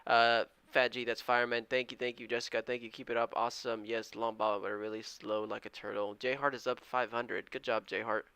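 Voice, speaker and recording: A man with a clear, resonant mid-range voice speaks at a fairly quick, level clip with few pauses on a dry recording. Live-streaming his day trading from home, he chats casually with viewers, reads their comments, counts aloud, and keeps his voice down.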